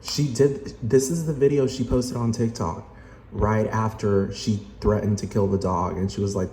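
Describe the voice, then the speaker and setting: A man's voice: on the low side, fairly even intonation, moderate pace, warm tone. A man giving ranting reaction commentary in a profane, exasperated way. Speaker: vlogger. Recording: roomy echo, faint background noise.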